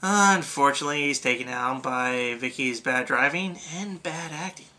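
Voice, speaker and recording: A man's voice: mid-range voice, moderate pace, sharp tone. A young man reading a comedic movie review script aloud, swearing freely and restarting lines when he stumbles. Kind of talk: amateur comedic review narration.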